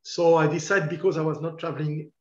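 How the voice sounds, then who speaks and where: A man's voice: a little high, flat delivery, fairly quick, a little mellow, reverberant, lo-fi sound. A man in his fifties from France with a French accent, a guest journalist speaking earnestly in an online panel talk and repeating key words for emphasis.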